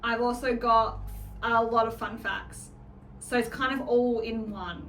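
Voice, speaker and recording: A woman's voice: fairly high pitch, steady tone, unhurried, a bit bright, slight background noise. A woman, co-hosting a casual podcast and making dry, wry remarks. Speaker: podcast co-host. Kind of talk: casual chat. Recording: echoey room, mic at a distance.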